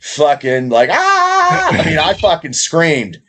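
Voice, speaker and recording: Brief: middle-aged guy, loose, cussing podcast host, slightly high voice. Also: fairly bright tone. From Indiana, USA. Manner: profane, rambling, fast. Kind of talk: casual podcast chat.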